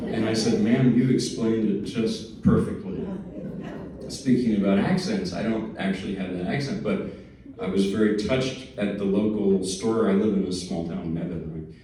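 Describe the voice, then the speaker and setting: A man's voice: low-pitched, normal speed, warm tone, a little hiss or hum. A man from New Jersey, a pianist introducing a piece in a chatty, self-deprecating way with small jokes. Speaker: pianist giving a lecture recital. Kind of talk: casual spoken introduction to a piece. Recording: very echoey hall, mic at a distance.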